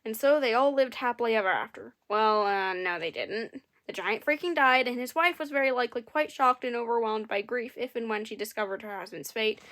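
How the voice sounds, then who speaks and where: A woman's voice: a little high, brisk, hardly any pauses, a bit bright. A woman reading a fairy tale aloud and adding dry, amused comments between passages. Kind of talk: comedic story reading with wry asides.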